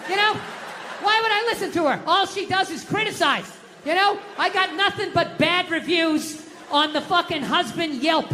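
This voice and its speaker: A middle-aged male comedian tells a story on stage, swearing freely and mocking himself in an exasperated, lively voice. His stage mic carries a long hall echo with faint noise underneath. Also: extremely high pitch. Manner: profane, exasperated, self-mocking. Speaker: stand-up comedian. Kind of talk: stand-up storytelling. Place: comedy stage before a live audience.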